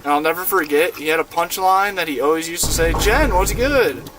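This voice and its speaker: A man's voice: fairly high pitch, fairly even intonation, fast talker. A young man in his twenties, streaming a game and chatting with his viewers in a laid-back, slangy way from inside a van. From United States. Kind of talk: casual live-stream gaming chat.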